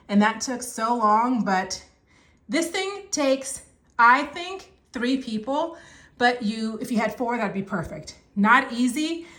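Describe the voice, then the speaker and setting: Excitable woman vlogger, middle-aged, casual home chat, slightly high voice with roomy echo. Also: slow pace. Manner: bubbly, chatty, excitable. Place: home, indoors.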